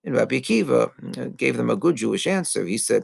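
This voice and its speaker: A man, a rabbi, giving an earnest teaching sermon, pausing often with fillers and mixing in Hebrew terms. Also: medium pitch, big pitch swings, gravelly, slightly rough, no room sound. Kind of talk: Tisha B'Av sermon.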